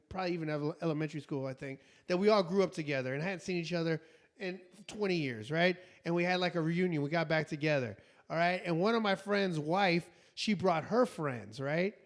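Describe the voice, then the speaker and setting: A man in his forties tells a story on a casual podcast, speaking in a fairly high voice. He gets animated, acts out what people said and laughs as he talks. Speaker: podcast co-host. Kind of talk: casual chat.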